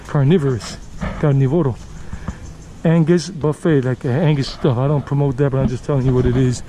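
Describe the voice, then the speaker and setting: A man's voice: mid-range voice, fairly even intonation, fairly quick. A man from the United States giving a casual walking-tour narration outdoors, chatty and rambling, often repeating himself. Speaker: tour guide vlogger. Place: city street outdoors, walking. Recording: outdoor street recording with traffic noise. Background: city traffic and street ambience.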